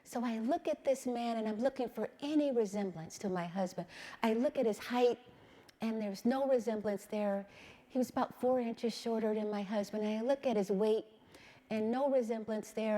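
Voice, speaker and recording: A middle-aged woman speaks to an audience in a slightly raised voice. She tells a personal story in a measured, deliberate way and keeps asking "right?" as she goes. Her delivery is steady and thoughtful. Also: on the high side, long reverb tail. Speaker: speaker giving a talk. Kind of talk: storytelling public talk.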